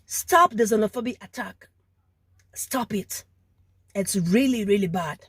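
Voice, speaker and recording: A woman's voice: mid-range voice, measured pace, fairly bright tone, husky, no echo, clean studio sound. A woman makes an impassioned appeal straight to camera. She is emphatic, repeats phrases and stumbles over words, and she is sweating in the heat. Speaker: vlogger.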